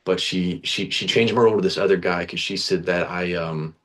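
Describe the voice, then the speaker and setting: A young man with a very low voice tells his acting story in a relaxed interview. He is chatty and earnest, restarts his sentences often and drops casual slang. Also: a little fast. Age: young adult. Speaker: guest, actor.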